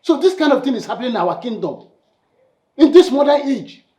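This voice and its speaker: A stammering, outraged Nigerian leader, warm dark voice. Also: male voice, extremely high pitch, big pitch swings, a little fast. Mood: defiant. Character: indignant community leader, defiant. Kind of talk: Nollywood film acting.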